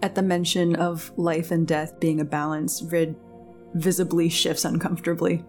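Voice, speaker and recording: A woman at a tabletop game describing what her character does, in a casual, light way. Her voice sits slightly low for a woman. Faint music runs behind. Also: flat delivery, moderate pace, a little mellow. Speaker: player.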